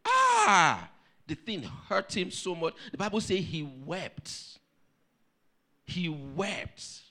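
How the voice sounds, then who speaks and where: A male pastor preaching a sermon, telling a story with lively energy and putting questions to the congregation. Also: on the high side, slow.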